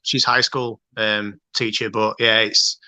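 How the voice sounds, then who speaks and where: A man from the Leeds area talks on a video call in a relaxed, chatty way. His voice is strikingly bright and forward, with a dry, close sound and no room echo. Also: on the low side, a little slow. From Leeds area, England. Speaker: guest fan. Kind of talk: casual video call chat.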